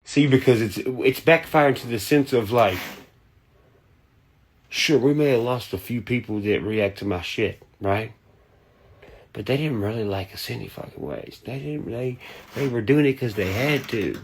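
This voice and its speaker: Heated man, mid pitch, profane ranting commentator with mocking asides. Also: moderate pace, a little hiss or hum.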